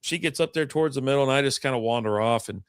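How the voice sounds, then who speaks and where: A man's voice: mid-range voice, fast talker, smooth, no room sound, clean studio sound. A man hosting a casual chat, telling a rambling, profane story and acting out the people in it. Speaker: podcast host.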